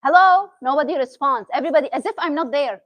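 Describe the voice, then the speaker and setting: High-voiced woman with a Syrian Arabic accent. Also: fast talker, dry recording, lo-fi sound. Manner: chatty, asks the audience questions. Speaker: therapist giving a talk. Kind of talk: interactive motivational talk.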